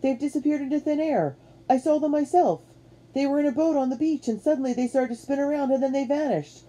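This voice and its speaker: A woman's voice: high-pitched, a little fast, warm tone, voice pushed up, lightly acted, low-quality recording. A woman voicing a frantic, drunken male army captain who wheezes and exclaims.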